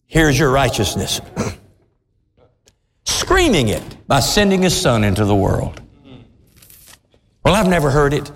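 A male pastor preaching a sermon, building to sudden shouts, with a congregation calling back. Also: a little high, big pitch swings, takes it slowly, long pauses, slight background noise. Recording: echoey hall with crowd responses. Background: congregation calling out responses.

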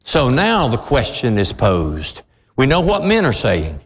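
A man preaching a sermon in a church, with fervent, drawn-out emphatic phrases. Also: mid-range voice, wildly swooping pitch, a little hiss or hum. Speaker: pastor. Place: church sanctuary with congregation responses. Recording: long church reverb.

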